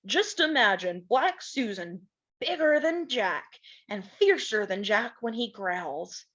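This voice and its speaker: A woman voicing a warm, playful pioneer father who tells his daughters stories by the fire, speaking in a gently teasing, fond way. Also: high-pitched, animated, takes it slowly, dull audio, pitched below the performer's own voice, heavily acted. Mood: storytelling.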